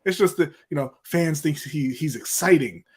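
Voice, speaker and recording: A man's voice: a little high, animated, moderate pace, a little mellow, slightly rough. Give me a blunt, emphatic man ranting on a casual sports podcast. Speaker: podcast co-host.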